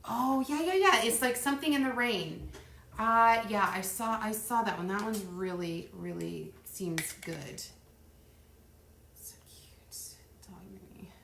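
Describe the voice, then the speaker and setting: A middle-aged woman hosting a live crafting stream, chatting in a rambling way and counting softly under her breath as she works. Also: medium pitch, creaky. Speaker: craft livestream host. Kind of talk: casual live chat while crafting. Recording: roomy echo.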